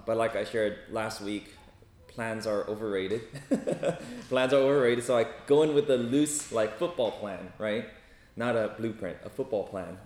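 Man, hospital chaplain, casual storytelling, keeps asking "right?", lowish voice, roomy echo with faint background hum. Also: darkish tone. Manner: casual, checks in with "right?" and "okay?". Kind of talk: storytelling talk to a group.

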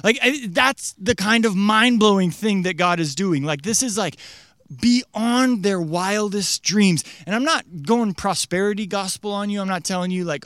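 A man's voice: high voice, measured pace, fairly bright tone, dry recording. A young man preaching a casual, conversational sermon as a pastor, full of fillers and acted-out quotes. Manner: chatty, uses many fillers, acts out quotes in character voices.

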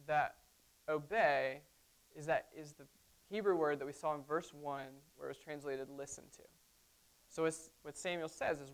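A woman's voice: low-pitched, fairly even intonation, normal speed, clear, resonant tone. A woman pastor preaching a sermon, conversational, often checking in with the congregation. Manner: conversational, frequent "right?" asides to the congregation.

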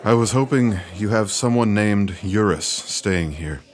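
A man playing a tired, battered young clerk in an audio drama, his voice low yet moving with a lively lilt. He speaks politely, worn out. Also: measured pace. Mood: weary.

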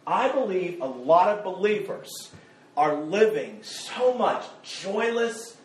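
A man's voice: high-pitched, big pitch swings, slow, echoey room. A man preaching a sermon as pastor, conversational and joking, often repeating his words as he goes. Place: church sanctuary.

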